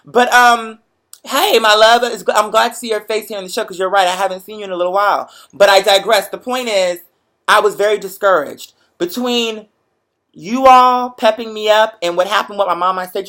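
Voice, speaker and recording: A young man hosting a show, chatting to viewers in a lively, profane, motivational storytelling way. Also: high-pitched, moderate pace. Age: young adult. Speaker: show host. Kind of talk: casual livestream chat to viewers.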